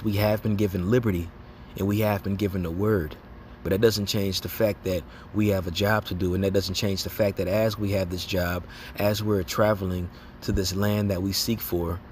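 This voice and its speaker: A lay preacher with a fairly low, darkish voice talks through an informal religious exhortation, with a little hiss or hum. Slangy and casual, he keeps adding "man" and "okay?" and laughs as he acts out how people react.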